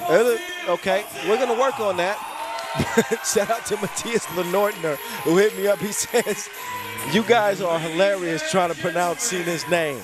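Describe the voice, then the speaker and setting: Midwest dude doing hype play-by-play, voice sits kinda high, loud arena music behind him. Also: male voice, normal speed. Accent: American Midwest. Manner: energetic, hype, loud projecting delivery. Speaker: play-by-play commentator. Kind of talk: sports commentary.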